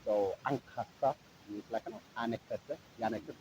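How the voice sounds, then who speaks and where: A man's voice: on the low side, normal speed, background noise. A man from Eritrea, talking in a rambling, sarcastic monologue full of "like, you know". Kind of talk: casual monologue.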